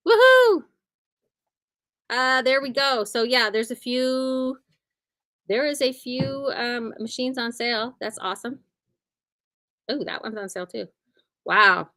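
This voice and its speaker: A woman who owns a quilting shop chats cheerfully and casually about her store's sales, humming and saying "like" often. Her voice is on the high side with a sharp tone, and there's no echo.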